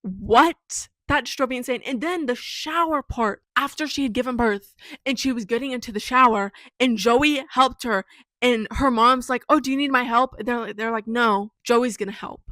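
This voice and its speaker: Opinionated young woman with a bright voice. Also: fairly high pitch, normal speed, no room sound. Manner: animated and opinionated, with emphatic repetition. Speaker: book reviewer. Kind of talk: casual book review vlog.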